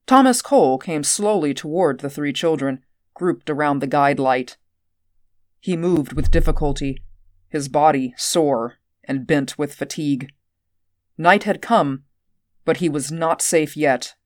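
A woman narrating an audiobook at a measured, steady pace. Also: deep voice, no echo, clean studio sound.

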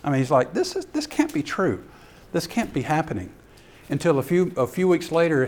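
Animated man giving a sermon-style talk. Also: a little high. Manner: animated storyteller who acts out scenes. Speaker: ministry speaker.

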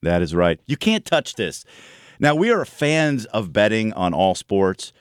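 A man's voice: on the low side, very animated, unhurried, clean tone, no room sound, clean studio sound. A man hosting a sports podcast in casual chat, joking and laughing often. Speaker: podcast host.

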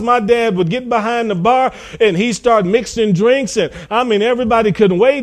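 A middle-aged American man, a pastor, preaching a sermon in a folksy storytelling way, acting out quoted conversations. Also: sits high. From United States.

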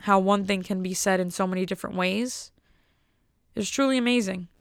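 A woman's voice: mid-range voice, normal speed, clear, resonant tone, dry recording, clean studio sound. A young American woman talking casually to her viewers in a rambling, enthusiastic and wry way. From United States. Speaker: vlogger. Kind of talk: casual monologue.

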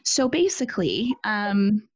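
A woman's voice: mid-range voice, very animated, slow. Giggly young woman telling a story. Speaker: podcast co-host. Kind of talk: casual chat. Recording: slightly dull lo-fi audio.

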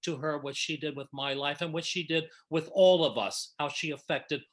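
A man's voice: on the high side, steady tone, moderate pace. An older man telling an emotional, effusive story from his past in a casual panel chat. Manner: warm, emotional, effusive reminiscing. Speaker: panel guest reminiscing.

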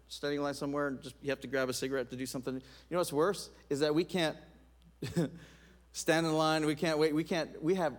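A middle-aged male pastor preaching a sermon, telling stories with playful asides. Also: fairly high pitch. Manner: animated storytelling with asides and laughs.

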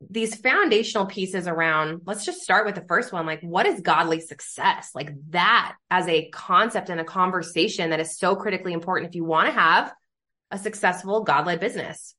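On the low side with a sharp tone, this woman hosts a faith and business podcast in a casual, conversational style. She's enthusiastic and chatty, and her speech is full of fillers like "like".

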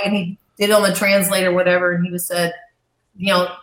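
Profane, animated woman telling a wild story. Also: medium pitch, quick pace. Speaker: guest. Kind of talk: casual storytelling interview. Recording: echoey room.

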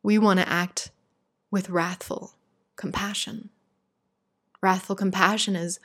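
A woman giving a heartfelt spiritual talk, earnest and emphatic, shaken but steady. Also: mid-range voice, takes it slowly, long pauses. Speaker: spiritual speaker.

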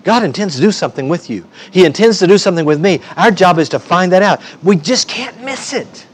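A male pastor preaches with emphatic, folksy conviction. He speaks in a high voice and mixes in humor. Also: quick pace. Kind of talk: sermon.

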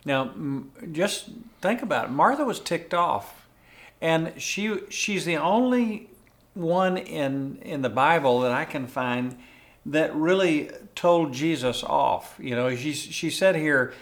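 A man's voice: a little high, expressive, slow. An older man hosting a faith podcast, teaching in a conversational, earnest way and chuckling often. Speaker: podcast host and pastor.

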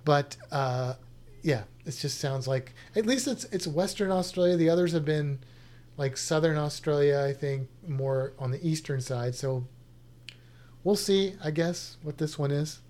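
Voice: medium pitch, measured pace, a little mellow. A science educator chatting casually, thinking aloud with restarts and a skeptical tone. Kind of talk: casual chat reacting to a show lineup.

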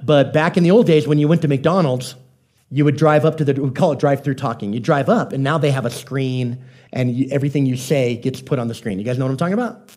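A man's voice: mid-range voice, quick pace, a little mellow. A man preaching a conversational sermon who tells folksy stories and keeps checking in with his audience. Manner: folksy storytelling, asks the audience questions. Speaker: pastor.

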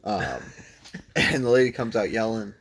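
A man's voice: fairly low pitch, expressive, unhurried, fairly bright tone, slightly rough. A man casually telling a long story to a friend, laid-back, swearing freely and filling his talk with "dude" and "like".

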